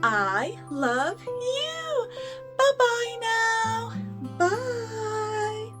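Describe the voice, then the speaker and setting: A young woman hosting a toddler lesson, talking slowly in an exaggerated, sing-song, encouraging way. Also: very high voice, animated, music in the background. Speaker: children's show host. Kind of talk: teaching toddlers through play.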